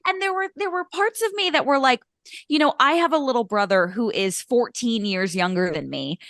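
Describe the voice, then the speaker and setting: A young woman chats on a podcast, gushing and emotional as she restarts her sentences. Her voice sits slightly high. The sound is close and dry, with no room around it. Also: lively intonation, moderate pace, fairly bright tone, no echo. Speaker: podcast co-host. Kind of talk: casual chat.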